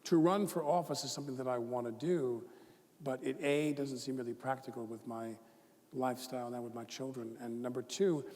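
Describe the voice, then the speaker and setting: A man in his fifties, a guest author telling rambling, animated stories with many fillers and restarts in a live onstage conversation. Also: mid-range voice, fairly quick. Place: large event hall with a live audience. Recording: long reverb of a large hall, faint noise.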